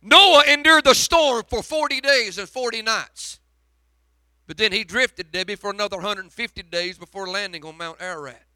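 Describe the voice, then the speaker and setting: High, bright-voiced preacher swinging loud and hushed. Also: male voice, normal speed, smooth, no room sound. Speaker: pastor. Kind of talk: sermon.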